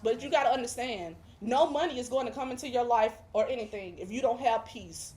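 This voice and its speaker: A woman with a fairly high voice gives a heartfelt religious testimony as a guest. She speaks emphatically and drives her points home with preacher-like repetition. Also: brisk, darkish tone. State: emotional, near tears at times.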